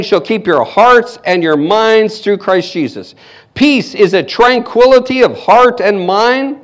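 A male pastor preaching an exuberant sermon, quoting scripture, calling for amens and breaking into laughter. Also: sits high. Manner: exuberant, breaks into laughter, repeats call-and-response.

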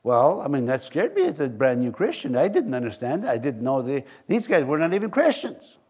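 A man's voice: medium pitch, wildly swooping pitch, brisk, a little mellow, slightly rough. A middle-aged man, preaching a conversational sermon to a congregation in a church. He rambles and jokes, often laughing at his own stories.

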